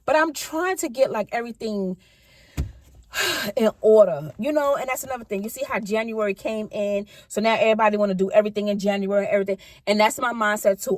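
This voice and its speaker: A woman's voice: mid-range voice, a little fast, no room sound. A woman in her fifties chatting casually in a rambling, self-correcting way for a car-ride vlog. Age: 50s. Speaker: vlogger.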